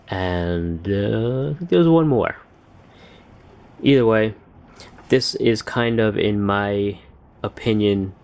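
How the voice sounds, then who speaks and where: A man giving a casual sneaker review at home, thinking aloud with lots of uh and um. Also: low-pitched. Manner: relaxed, thinking aloud with many fillers.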